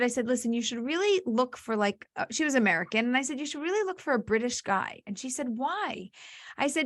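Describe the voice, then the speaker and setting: A woman's voice: a little high, no room sound, studio quality. A woman matchmaker and dating coach giving advice in an online workshop, telling stories and acting out her clients. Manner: animated storyteller who acts out clients' voices.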